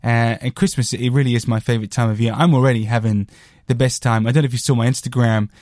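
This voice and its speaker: A man's voice: mid-range voice, fairly even intonation, quick pace, darkish tone, no echo, studio quality. A man hosting a podcast, chatting casually about a record in a rambling, jokey way with crude asides. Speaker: podcast host reviewing a record. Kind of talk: casual chat.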